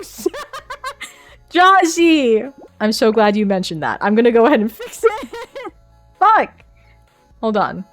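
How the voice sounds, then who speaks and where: A young woman VTuber chatting live with her viewers, excitable, swearing and laughing often, into a desk mic at home. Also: fairly high pitch. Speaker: VTuber streamer. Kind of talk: casual live-stream chat. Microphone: desk microphone.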